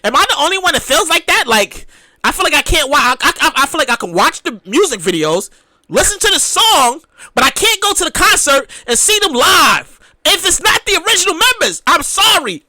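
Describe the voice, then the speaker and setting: Loud, excitable tipsy podcast host. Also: sits high, moderate pace, dry recording. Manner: loud, excitable, often shouting; rambling with many restarts. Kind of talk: casual podcast rant.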